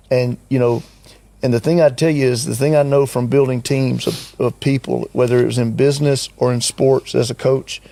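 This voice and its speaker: A man's voice: mid-range voice, vocal fry, mellow, dry recording. An older man telling a story in casual conversation, acting out what others said and chuckling often. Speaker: team member recounting a trip.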